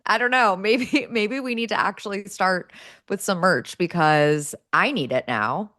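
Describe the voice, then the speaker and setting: A woman's voice: mid-range voice, measured pace, a bit bright, no echo, studio quality. A woman co-hosting a podcast, upbeat and playful, laughing often in casual chat. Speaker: podcast co-host.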